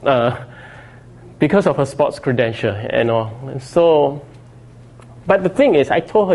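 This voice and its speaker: A man's voice: medium pitch, lively intonation, a little slow, pauses often, darkish tone. A middle-aged man preaching a sermon in a conversational way, often saying "you know" and "okay" to his congregation. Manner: conversational preaching, frequent 'you know' and 'okay'. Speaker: pastor.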